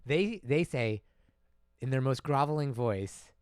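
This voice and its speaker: A man's voice: mid-range voice, unhurried, clean tone, no echo, studio quality. Laughing man telling a story. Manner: animated, laughs often while telling a story. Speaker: podcast host. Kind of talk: casual comedic storytelling.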